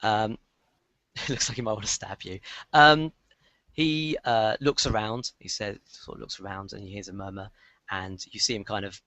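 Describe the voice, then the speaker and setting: A man narrating as game master of a tabletop game, rambling with many pauses and restarts. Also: lowish voice, steady tone, sharp tone, no echo.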